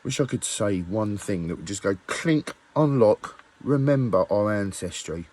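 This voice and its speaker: Man, husky voice, heated vlog rant, swearing, rhetorical questions. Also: on the low side, expressive, a little slow, darkish tone. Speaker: musician vlogger. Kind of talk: angry rant to camera.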